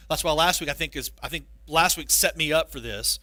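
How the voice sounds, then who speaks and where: A male pastor giving a sermon, telling stories with animated, self-mocking humor. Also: on the high side, a little fast, no echo.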